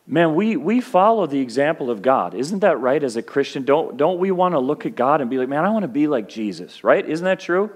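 A man's voice: on the high side, sing-song, fairly quick, hardly any pauses. A middle-aged male pastor preaching a sermon in a conversational way that rises to fervent peaks.

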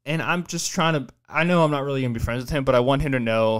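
A man's voice: medium pitch, fast, clear, resonant tone. Rambling young man telling a story. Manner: rambling, profane, with many fillers and restarts. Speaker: podcast host. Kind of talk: casual storytelling chat.

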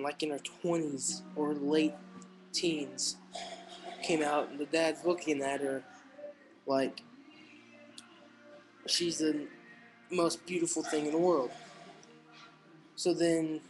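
Slow, rambling young guy telling jokes. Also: on the high side, darkish tone, poor audio. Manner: rambling, halting, with many fillers and restarts. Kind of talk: casual stand-up style joke telling.

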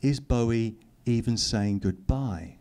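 A man's voice: mid-range voice, slow, dark tone. Middle-aged man, author reading aloud at a public talk; dry wit. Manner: dry, teasing asides to the audience. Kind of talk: reading aloud and commenting to an audience. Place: lecture hall.

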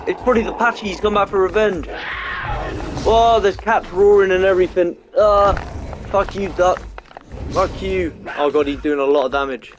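A man giving let's-play game commentary, swearing a lot and swinging between frustration and excitement. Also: sits high, moderate pace, noisy background. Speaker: gamer.

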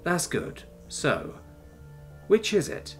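A man voicing a calm, patient male interrogator who questions mildly and evenly. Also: on the high side, slow pace, faint music behind, pitched above the performer's own voice, heavily acted. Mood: calm probing. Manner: mild, even, coaxing questioning.

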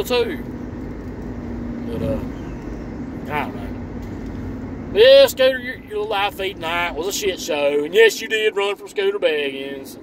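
A man delivering a rambling, sarcastic and profane rant, recorded outdoors near a road. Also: sits high. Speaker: online commentator. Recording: distant mic with loud traffic noise.

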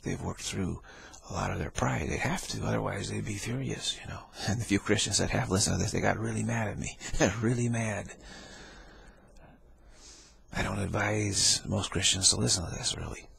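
A man with a low, heavily gravelly, husky voice rambles through a spiritual talk. He laughs often, repeats himself and acts out the people he quotes. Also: moderate pace, fairly bright tone. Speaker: spiritual teacher.

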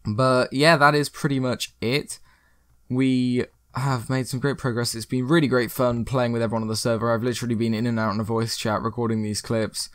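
A man's voice: mid-range voice, little pitch movement, brisk, clean tone, no echo. Young man, gameplay commentary, chatty and upbeat, dry close-mic sound. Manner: chatty and upbeat, with some rambling. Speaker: gaming video host.

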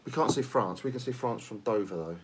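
A man's voice: fairly low pitch, fast talker, background noise. A man from England, joking crudely while co-hosting a casual livestream chat. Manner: joking, crude, slips into silly mock-French voices. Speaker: livestream co-host.

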